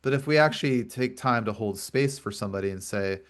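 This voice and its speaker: A man's voice: mid-range voice, fairly quick, fairly bright tone. A male podcast host in a conversational interview, explaining earnestly at length and often repeating words. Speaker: podcast host and grief coach.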